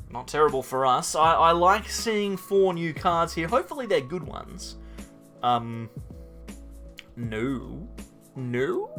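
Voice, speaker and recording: A man's voice: on the high side, sharp tone. A man casually commentating his own card game match, thinking aloud and talking to himself with playful, wry asides.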